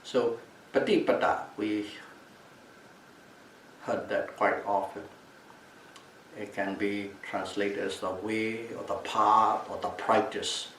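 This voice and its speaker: Calm guy teaching a dhamma talk, low voice, echoey hall, mic kinda far off. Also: slow pace, pauses often. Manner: calm, repeats and restates key terms. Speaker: meditation teacher. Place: retreat meditation hall. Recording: echoey room, mic at a distance, faint background noise.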